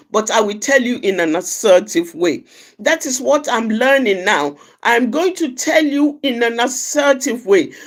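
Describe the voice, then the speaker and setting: A woman speaks earnestly in a reflective outreach talk. Her voice sits fairly high and moves animatedly up and down. She often circles back and repeats a phrase to drive the point home. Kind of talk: personal reflective talk on anger.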